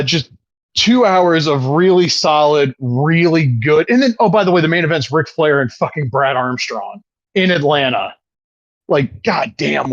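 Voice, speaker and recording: Man, fairly high voice, podcast co-host, casual chat, profane, enthusiastic, dry close sound. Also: dry recording, highs cut off. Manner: profane, enthusiastic wrestling fan.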